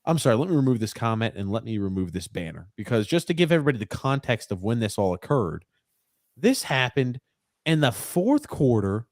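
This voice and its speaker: Animated, teasing man on a podcast. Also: medium pitch, fairly quick, no room sound, clean studio sound. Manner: animated, swings from loud excited jabs to mumbling while reading; profane and teasing. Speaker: podcast co-host. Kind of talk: casual sports podcast chat.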